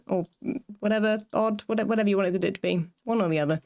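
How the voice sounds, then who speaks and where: A woman with a medium-pitched voice talks briskly while building in a game on her livestream. She chats to her viewers in a rambling way, interrupting herself mid-sentence and laughing often.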